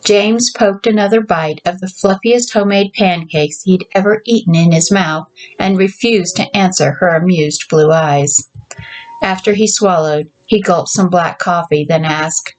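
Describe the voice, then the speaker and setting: A woman author reading her own story aloud in a measured, deliberate narration. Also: lowish voice, poor audio.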